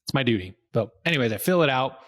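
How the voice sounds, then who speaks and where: A man co-hosting a casual podcast, telling stories in an animated way and acting out the voices of the people he talks to. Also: mid-range voice, fast. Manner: animated storyteller, acts out phone callers. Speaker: podcast co-host. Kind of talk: casual conversational podcast chat.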